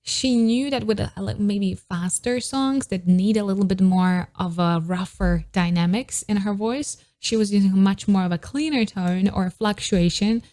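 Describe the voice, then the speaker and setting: A woman's voice: medium pitch, normal speed, few pauses, warm tone. Woman vocal coach breaking down a singer. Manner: analytical, admiring, technical vocal terms. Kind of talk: song reaction commentary.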